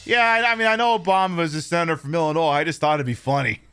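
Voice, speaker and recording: Male streamer, bright high voice, profane jokey banter over faint music. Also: very fast, smooth. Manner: profane, joking, rambling asides. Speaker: game streamer. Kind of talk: casual game commentary.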